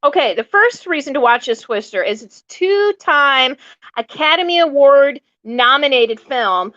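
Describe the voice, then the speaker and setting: A woman's voice: sits high, lively intonation, measured pace, sharp tone, no room sound, dull audio. A woman co-hosting a casual podcast chat about a movie, bubbly and loose in her phrasing. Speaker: co-host.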